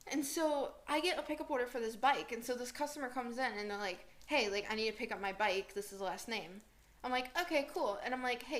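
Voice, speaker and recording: A young woman co-hosting a podcast, telling retail stories in casual chat, laughing often and acting out quotes. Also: mid-range voice. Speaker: podcast co-host.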